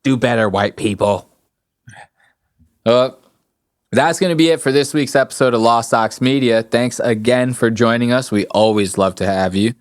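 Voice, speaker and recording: A man's voice: mid-range voice, moderate pace, no echo, clean studio sound. A young man hosting a podcast in casual chat, loose and profane, laughing often and slipping into impressions of people in his stories. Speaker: podcast host.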